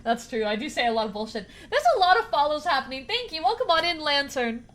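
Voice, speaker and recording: Bright, high-voiced young woman streamer. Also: big pitch swings, fast. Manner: rambling, self-deprecating, laughs often. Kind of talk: casual live-stream chat while gaming.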